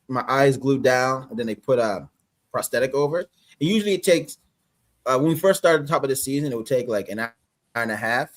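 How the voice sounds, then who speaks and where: Husky Canadian man, casual. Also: medium pitch. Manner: loose, rambling, many fillers. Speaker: actor guest. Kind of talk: casual interview chat.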